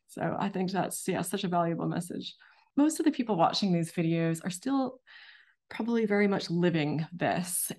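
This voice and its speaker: Encouraging woman hosting an interview. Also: fairly low pitch. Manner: warm, encouraging, reflective. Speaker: host. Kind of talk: interview, addressing viewers.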